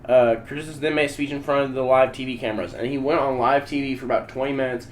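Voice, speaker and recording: A man telling a story on a casual podcast, profane and excitable, acting out quotes loudly. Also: mid-range voice, quick pace, a little hiss or hum. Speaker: podcast co-host.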